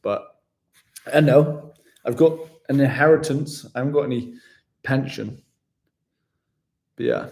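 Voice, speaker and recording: A chatty man, working through viewer questions live in a loose, casual way. His voice sits at an ordinary middle pitch, and he is easygoing and self-deprecating, calling everyone "mate". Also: a little slow, creaky, long pauses, a little mellow. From West Yorkshire, England. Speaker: vlogger answering viewer questions.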